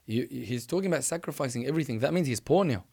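A man preaching, telling a religious story in an animated, emphatic way and often restarting his sentences. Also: medium pitch, fast, gravelly.

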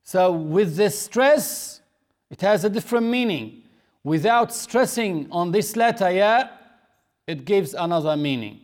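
Slow, high-voiced man teaching a religious lesson. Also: animated. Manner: slow and deliberate, repeats key phrases for emphasis; demonstrates pronunciation of recited phrases.

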